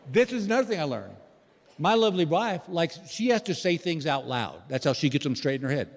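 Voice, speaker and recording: A man in his sixties doing stand-up, telling stories and talking to the crowd in a theater. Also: a little high. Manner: storytelling, animated, addresses the crowd. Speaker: stand-up comedian. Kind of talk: stand-up comedy. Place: theater stage. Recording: long theater reverb, faint noise.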